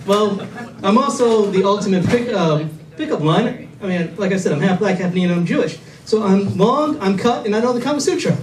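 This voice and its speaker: High-voiced rambling comedian in an echoey club. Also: male voice, lively intonation, a little fast, noisy background. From Illinois. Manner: rambling, self-mocking, with frequent restarts and fillers. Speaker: stand-up comedian. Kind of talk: stand-up comedy set. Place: comedy club stage with a laughing audience. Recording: echoey club audio from a distant camera.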